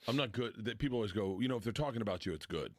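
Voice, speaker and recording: A middle-aged man tells stories as a podcast guest in an animated, self-deprecating way. He swears often and acts out the voices of people in his anecdotes. His voice sits fairly low and is recorded close and dry. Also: racing, no echo. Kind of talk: casual storytelling.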